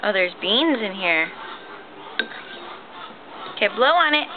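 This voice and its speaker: A woman's voice: medium pitch, very animated, takes it slowly. A woman in a home video, coaxing a toddler to eat in a sing-song voice. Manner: coaxing, sing-song talk to a small child. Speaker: caregiver feeding a toddler. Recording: tinny, noisy home video.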